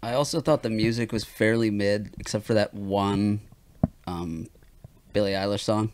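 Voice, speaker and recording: A man's voice: on the low side, steady tone, normal speed, darkish tone, a little hiss or hum. A young man co-hosting a podcast in casual chat, joking and laughing often, playfully provocative. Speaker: podcast co-host.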